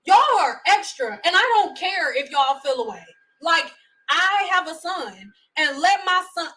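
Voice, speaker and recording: A woman's voice: high voice, bright, forceful tone, rough recording. A woman in her thirties delivering a blunt, exasperated, profane rant straight to her audience. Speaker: vlogger. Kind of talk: profane ranting commentary.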